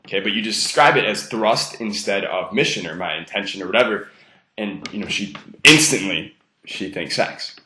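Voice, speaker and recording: A man's voice: on the low side, lively intonation, moderate pace, echoey room, noisy background. A young man giving blunt, profane dating advice in a casual monologue, heavily stressing key words and amusing himself. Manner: blunt, profane and self-amused.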